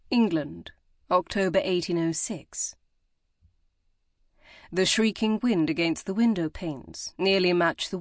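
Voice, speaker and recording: An audiobook narrator with a lowish female voice reads scripted narration. The recording is dry, with clean studio sound.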